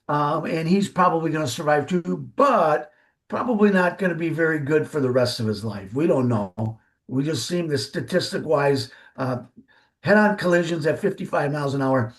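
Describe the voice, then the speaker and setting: An older man, a driver safety expert and podcast guest, telling a folksy, rambling family anecdote with restarts. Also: a little high. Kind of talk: storytelling anecdote.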